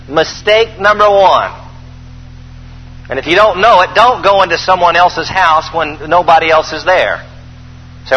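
A man preaching a sermon, reading scripture aloud with animated, folksy, emphatic asides to the congregation. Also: on the high side, normal speed, breathy edge, big-room sound, soft background music, low-quality recording.

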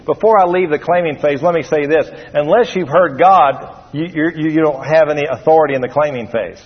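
A man with a higher, rather quick voice that has a breathy edge preaches emphatically to a church congregation, repeating himself and calling for their responses. The recording is dull and lo-fi, with long hall reverb.

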